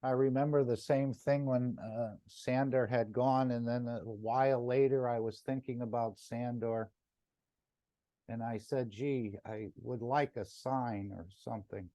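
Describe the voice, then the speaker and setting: Man, meeting participant, reflective, dark and dry voice. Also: mid-range voice, steady tone, no echo. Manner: slow, gentle and reflective. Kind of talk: casual group-meeting talk.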